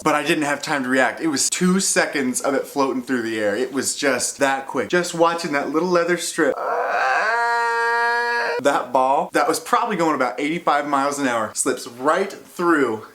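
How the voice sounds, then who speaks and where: Guy with a bright voice telling a goofy story on himself, animated, casual vlog chat. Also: fairly high pitch, normal speed. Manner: animated, self-mocking. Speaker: vlogger.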